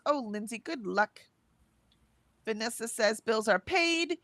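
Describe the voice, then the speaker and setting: A woman co-hosts a casual livestream, reading viewers' messages aloud and chatting between them. Her voice sits at an ordinary middle pitch and lifts brightly on cheers. The sound is dry and close, with little room around it. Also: no echo. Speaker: livestream co-host reading chat.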